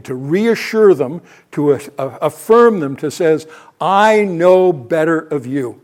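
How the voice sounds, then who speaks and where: An older man with a somewhat high, slightly mellow voice preaches through a Bible passage, reasoning aloud and repeatedly correcting himself and starting over.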